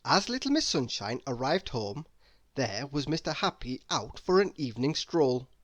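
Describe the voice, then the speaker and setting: A woman narrating a children's bedtime story aloud, slow and expressive. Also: a bass voice, dry recording.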